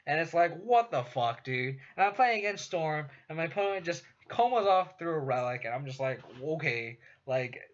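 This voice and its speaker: A young man with a West Coast American accent streams a card game and chats casually, laid-back but swearing a lot and laughing often. His voice is a little high and expressive, at a moderate pace with few pauses. The stream audio is dull and lo-fi.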